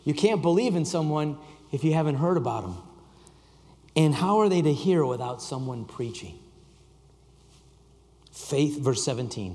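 A man preaching a sermon to a congregation, reading scripture and joking with the room, shifting from loud emphasis to quiet intensity. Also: mid-range voice, expressive, moderate pace, long pauses, a little hiss or hum. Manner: reads scripture aloud and jokes with the congregation. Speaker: pastor. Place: church sanctuary. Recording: long reverb of a large hall.

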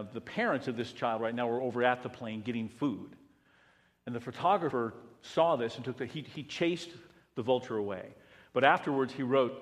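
A male pastor preaching a sermon, swinging between loud emphatic passages and hushed ones. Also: mid-range voice. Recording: long reverb of a large hall.

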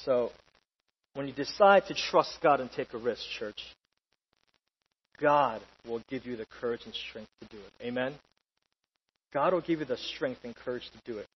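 A young adult man preaching a sermon to his church, casual and lively, with slang and joking asides. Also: medium pitch, normal speed, pauses often, slightly rough. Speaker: pastor. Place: church hall. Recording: dull sound with long reverb and faint hum.

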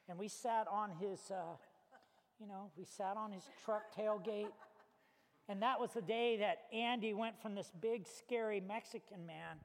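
A male pastor with a strikingly high voice tells a story from the pulpit in an animated, chatty way. His voice rings with the long reverb of a big hall. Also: a little slow. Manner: animated, conversational, with casual fillers. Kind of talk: storytelling sermon.

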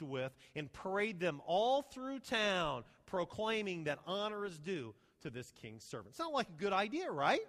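A man preaching a sermon, retelling a story with lively rhetorical questions to his congregation. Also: sits high, unhurried, hardly any pauses. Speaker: pastor. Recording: long hall reverb.

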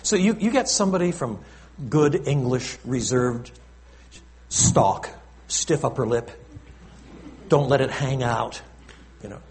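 A male pastor preaching a sermon in an animated, conversational way, with frequent asides to the congregation. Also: medium pitch, takes it slowly, pauses often.

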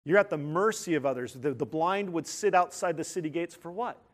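High-voiced, animated man preaching a sermon. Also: a little fast. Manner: animated, emphatic, with sudden loud outbursts; asks the listeners questions.

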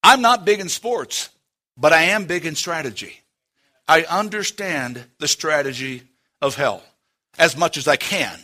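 A man preaching a sermon, speaking to the congregation with dramatic pauses and moving between loud and hushed delivery. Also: a little high, lively intonation. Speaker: pastor. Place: church.

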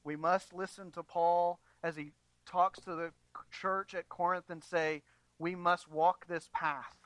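A pastor preaching a sermon to his congregation, moving from quiet, measured passages to emphatic, raised appeals. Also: high-pitched, flat delivery, clear, resonant tone, no room sound, low-quality recording. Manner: earnest preaching, swings between quiet and emphatic.

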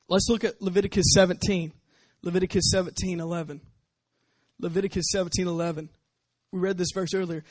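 A man's voice: sits high, no room sound. A man preaching a sermon as pastor, pressing his points with repeated rhetorical questions.

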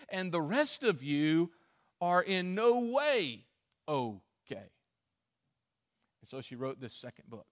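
A male pastor preaching a sermon and telling a story, swinging from emphatic stretches to hushed ones. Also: high-pitched, big pitch swings, slow pace.

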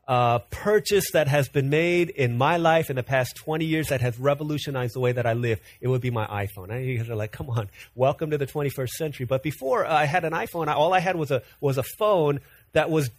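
A man's voice: mid-range voice, brisk. A man in his thirties, a pastor preaching an earnest, conversational sermon full of personal stories.

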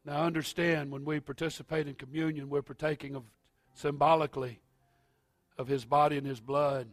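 Pastor preaching with rising intensity. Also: male voice, a little high, flat delivery, no room sound, soft background music. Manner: builds from quiet, halting asides to loud, rising preaching. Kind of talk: sermon.

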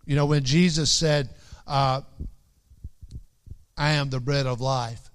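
A man's voice: mid-range voice, fairly even intonation, slow pace, clear, resonant tone. A man preaching a sermon, earnestly repeating key phrases for emphasis and quoting scripture in old-fashioned wording. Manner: quotes scripture in King James wording.

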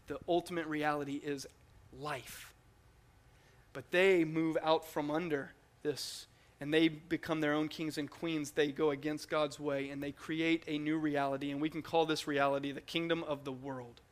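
A man preaching a teaching sermon in an emphatic, animated way, often repeating words as he goes. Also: a little high, normal speed.

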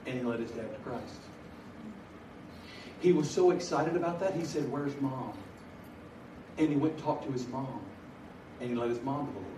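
A middle-aged man preaching a story with humor, animated, shifting from loud bursts to hushed earnest telling. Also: medium pitch, normal speed, pauses often. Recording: echoey hall from far off, noisy.

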